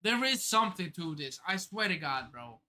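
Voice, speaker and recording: Reading manga live on her stream, a woman thinks aloud, exclaims, swears and laughs in excited reaction commentary. Her voice sits lowish and sounds very animated and sharp, moving at a normal speed.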